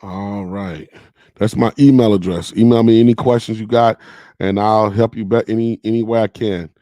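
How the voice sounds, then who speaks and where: A man's voice: fairly low pitch, fairly even intonation, normal speed, mellow, no room sound, studio quality. A man hosting a casual livestream, chatting loosely with his viewers and peppering his talk with "man" and "y'all". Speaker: podcast host on a livestream.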